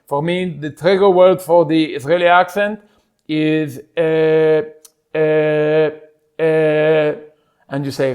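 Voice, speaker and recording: A man's voice: a little high, steady tone, slow, darkish tone, clean tone. A man hosting a casual solo podcast, talking in a playful, self-deprecating way. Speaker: podcast host.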